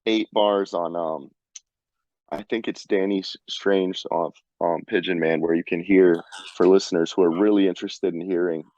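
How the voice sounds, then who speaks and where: Laid-back low-voiced man. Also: steady tone, normal speed, darkish tone, lo-fi sound. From Rhode Island. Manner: laid-back, laughs easily. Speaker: guest. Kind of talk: casual chat.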